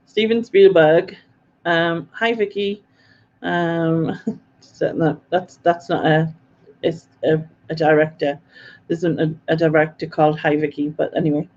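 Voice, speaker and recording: Slow-talking woman quiz host. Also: lowish voice, a little mellow, highs cut off. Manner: chatty and self-mocking, laughs often. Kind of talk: live-stream quiz chat, reading out viewer comments.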